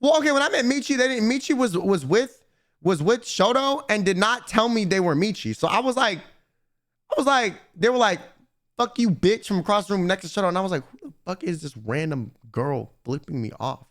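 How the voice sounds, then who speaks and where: A man's voice: high-pitched, animated, fairly quick, fairly bright tone. Rambling, swearing male streamer. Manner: rambling, swears a lot, restarts often. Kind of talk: casual storytelling to chat.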